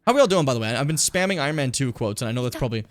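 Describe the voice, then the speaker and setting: Male streamer, casual gameplay commentary, lively swinging delivery, mid pitch. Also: rapid-fire. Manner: animated, rambling, chatty with fillers.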